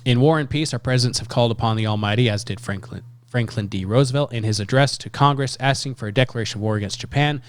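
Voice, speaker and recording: A man's voice: medium pitch, quick pace, hardly any pauses. A man co-hosting a podcast, chatting casually and reading historical quotes aloud with emphasis. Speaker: podcast co-host.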